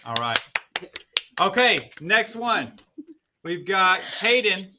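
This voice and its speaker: A male ESL teacher with a high, very lively voice, upbeat and coaxing as he runs a casual classroom podcast. The recording is noisy, with clicks from the mic. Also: takes it slowly. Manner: upbeat, coaxing, laughs often.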